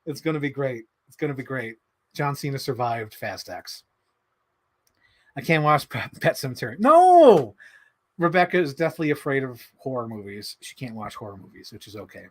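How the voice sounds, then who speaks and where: A man hosting a casual livestream, answering chat in an animated, excitable way with many fillers. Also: on the high side. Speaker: livestream host reading chat.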